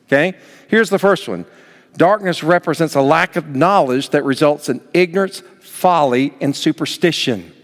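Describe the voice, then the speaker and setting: A man preaching a sermon as pastor, emphatic, with sudden rises in pitch and loudness. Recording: long hall reverb.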